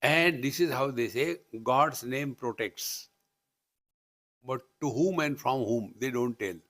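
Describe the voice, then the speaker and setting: A man's voice: mid-range voice, animated, normal speed, fairly bright tone. Indian man giving playful spiritual talk. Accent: Indian English. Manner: playful, teasing asides and chanting. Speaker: spiritual teacher. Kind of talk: live spiritual discourse. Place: retreat hall.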